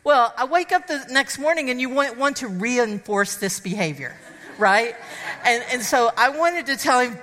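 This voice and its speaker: A woman with a fairly high, bright voice tells a humorous personal story to a crowd of women. She is animated and acts out the dialogue and sound effects as she goes. Her voice carries a long reverb from a large hall. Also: moderate pace. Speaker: speaker addressing an audience of women.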